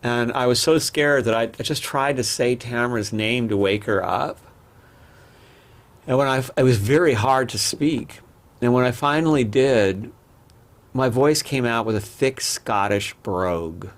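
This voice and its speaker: At a measured pace and medium pitch, a man guesting on a podcast shares rambling stories from his own life. The talk is casual interview storytelling, candid and marked by frequent restarts.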